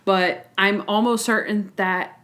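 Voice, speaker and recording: A young adult woman co-hosting a podcast in casual chat, animated and full of restarts, often acting out what people said. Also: medium pitch, slow. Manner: animated, quotes people in voices, trailing restarts. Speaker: podcast co-host.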